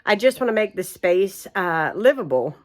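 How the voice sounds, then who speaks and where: A woman's voice: medium pitch, very animated, normal speed. A middle-aged woman chatting casually to her camera at home, with lots of ums and easy laughter. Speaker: home vlogger. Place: guest room of an old house. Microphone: camera held by her.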